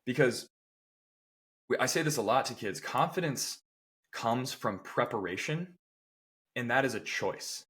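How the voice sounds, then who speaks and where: Man, strength coach, casual podcast talk, emphatic, frequent "right?" check-ins, medium pitch. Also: expressive, unhurried, long pauses, a bit bright. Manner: acts out people's quotes with playful voices.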